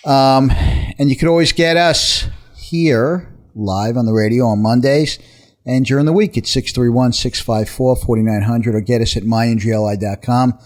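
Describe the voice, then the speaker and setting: A man hosting a talk radio show from a studio, an attorney who talks briskly and upbeat, often over his guests. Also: mid-range voice. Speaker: radio show host, personal injury attorney.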